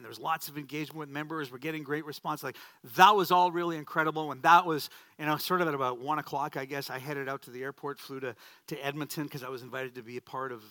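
A middle-aged man preaching a sermon, telling stories in an animated, self-deprecating way with frequent restarts. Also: fairly high pitch, no echo. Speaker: pastor.

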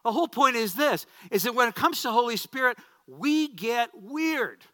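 A man's voice: very high-pitched, lively intonation, moderate pace, a bit bright, dry recording. A man in his fifties, a pastor, preaching a sermon in a storytelling way, with humorous asides and repeated phrases.

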